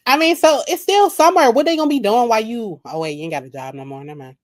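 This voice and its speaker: A woman's voice: a little high, lively intonation, quick pace. A woman hosting a late-night live reaction stream, blunt and profane, laughing at her own jokes. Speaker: reaction video host. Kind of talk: casual live reaction commentary. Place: home at night.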